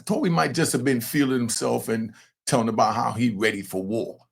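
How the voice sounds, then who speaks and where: Older man, gravelly, husky, blunt, animated true crime commentary. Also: mid-range voice, a little fast. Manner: blunt, animated, talks straight to viewers. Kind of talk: casual streetwise commentary to camera.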